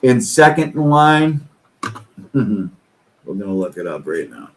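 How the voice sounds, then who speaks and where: Swearing man, slow delivery, lively swooping pitch, angry rant. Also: a little hiss or hum, low-quality recording. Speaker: streamer reacting to online posts. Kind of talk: profane reaction commentary.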